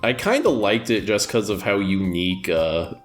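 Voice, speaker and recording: A man co-hosting a podcast, talking casually about music with dry, deadpan humor. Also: on the low side, normal speed. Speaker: podcast co-host reviewing an album. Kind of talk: casual chat.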